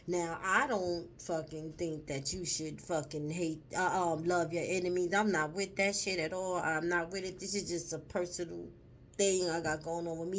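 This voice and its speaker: A woman's voice: lowish voice, slight background noise. A woman chatting casually to her vlog audience, emphatic and profane, getting choked up as she talks. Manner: slow, emphatic and profane, lingers on words; emotional, choked up while telling a story. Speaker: vlogger. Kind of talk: casual spoken vlog chat.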